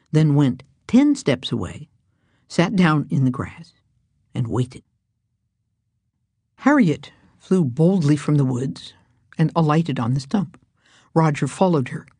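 A woman reading a children's storybook aloud in a hushed, breathy manner. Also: low-pitched, no echo.

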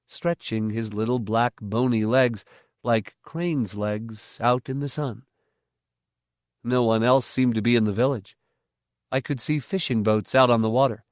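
A man narrating a first-person novel in a measured, reflective way. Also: medium pitch, no echo, studio quality. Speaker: audiobook narrator.

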